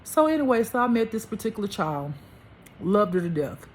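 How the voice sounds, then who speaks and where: A woman's voice: medium pitch, sing-song, fairly quick, a little hiss or hum. A woman talking straight to camera in a heated, preachy monologue, repeating herself and addressing her viewers. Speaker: spiritual life coach vlogger.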